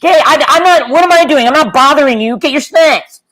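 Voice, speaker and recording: A woman's voice: medium pitch, expressive, a little fast, lightly acted, low-quality recording. A flustered employee, as a woman plays her who is fed up with her boss. She rambles on indignantly, piling up complaints as she goes. It comes across as an improvised comedy scene. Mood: exasperated. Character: flustered put-upon female employee, exasperated.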